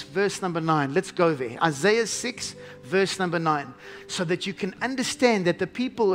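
A pastor with a high voice preaches a sermon emphatically, slowing down to stress key phrases and dropping into a hushed tone.

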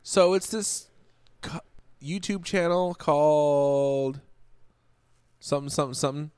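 A man's voice: fairly high pitch, a little slow, darkish tone, clean tone, no echo. A man co-hosting a podcast, blunt and sarcastic, arguing his opinions in casual chat. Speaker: podcast co-host.

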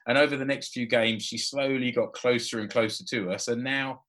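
A bright, forceful-sounding man in his forties tells a long personal story on a podcast. His delivery is chatty and relaxed, with frequent laughs and restarts. His pitch sits in an ordinary middle range for a man. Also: fairly quick. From Britain. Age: 40s. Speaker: podcast co-host. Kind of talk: casual storytelling chat.

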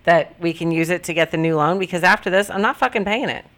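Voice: mid-range voice, fast talker, a bit bright. A podcast participant making blunt, defiant asides from farther off the mic. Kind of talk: casual political chat.

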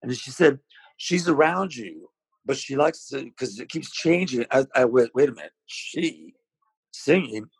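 Husky-voiced man telling stories. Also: mid-range voice, a little slow, dry recording, poor audio. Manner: rambling, animated, with many restarts. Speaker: interview guest, singer. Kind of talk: casual storytelling.

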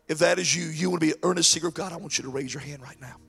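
A man preaching with a high, gravelly, husky voice that has a bright, forceful edge. He drops to near whispers and then builds to shouted, stretched-out lines. Soft music plays behind him. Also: racing, hardly any pauses. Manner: swings from hushed to shouted preaching. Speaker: pastor. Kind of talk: sermon.

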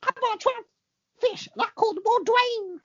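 A woman doing a comic impression of an excitable male comedian, speaking very high and drawling. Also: moderate pace, no echo, muffled recording. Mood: breezy.

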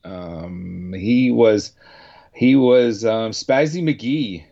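A Canadian man hosts a casual radio show, rambling and restarting his sentences as he goes. He talks very slowly in a lowish voice, and the sound is dull and lo-fi. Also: vocal fry, warm tone. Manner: rambling, halting, many restarts.

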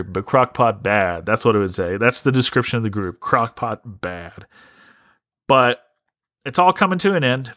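A man hosts a comedy podcast, ranting and telling stories in a loose, rambling flow full of swearing and restarts. His voice sits at a middling pitch, recorded close and dry with no room sound. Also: dry recording. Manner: rambling, profane, restarts a lot. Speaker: podcast host. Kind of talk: casual comedic rant.

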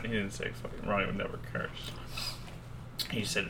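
A young male podcast host chatting casually with friends. His voice is bright and edged, and he rambles, curses and jokes as he goes. A faint hiss of noise sits under the recording. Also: mid-range voice, big pitch swings, a little fast. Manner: rambling, profane, joking. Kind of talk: casual chat.

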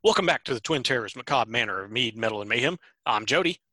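A man hosting a podcast in casual chat, giggling a lot and filling pauses with hesitant "uh"s and "um"s. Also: mid-range voice, expressive, music in the background. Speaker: podcast host.

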